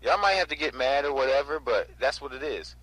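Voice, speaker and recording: A man in his twenties from North Carolina casually recounting a storage auction in an animated way, often adding "right?" and "you know?". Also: medium pitch, brisk, no echo, poor audio. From North Carolina, USA. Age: 20s. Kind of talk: casual storytelling vlog.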